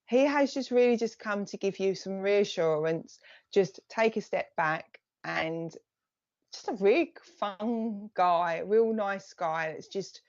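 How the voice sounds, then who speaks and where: A woman's voice: mid-range voice, slow pace, a little mellow, no echo. Chatty woman medium, lo-fi stream. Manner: chatty, relays messages in bursts, thanks viewers by name. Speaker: psychic medium giving live readings. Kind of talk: live-stream reading to viewers.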